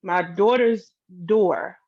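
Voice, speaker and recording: A woman's voice: mid-range voice, slow pace, muffled recording. A woman telling a personal story to her viewers in a candid, casual way, swearing freely and speaking straight to the audience. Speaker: vlogger.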